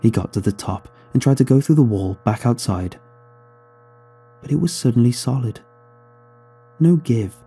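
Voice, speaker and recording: A man reading a horror story aloud in a somber, measured storytelling manner. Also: medium pitch, expressive, dark tone, breathy edge, faint music behind. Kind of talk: scripted horror narration.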